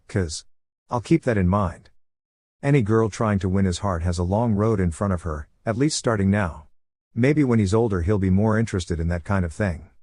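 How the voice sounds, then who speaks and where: Guy reading a fanfic story, steady, lowish voice. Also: no echo, clean studio sound. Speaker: narrator. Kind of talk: fan fiction reading.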